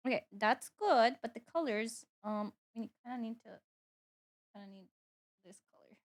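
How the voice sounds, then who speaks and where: A woman's voice: fairly high pitch, normal speed. A young woman streaming live, chatting casually as she works and playfully scolding her cat. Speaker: VTuber streamer. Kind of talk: casual livestream chat.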